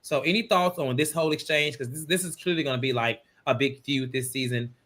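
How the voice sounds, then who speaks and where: A man's voice: mid-range voice, a little fast, fairly bright tone. A man hosting a casual reality-TV review panel over a video call, recapping loosely with lots of fillers. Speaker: podcast host.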